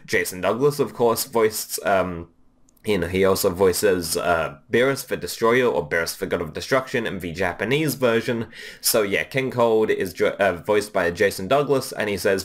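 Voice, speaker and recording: A man's voice: deep voice, normal speed. A man giving a casual, rambling review of a trailer, with many fillers and restarts. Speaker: video reviewer.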